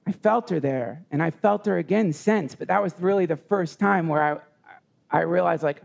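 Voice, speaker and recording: A man telling a personal story in conversation, earnest and halting with many restarts. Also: high-pitched, gravelly. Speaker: guest.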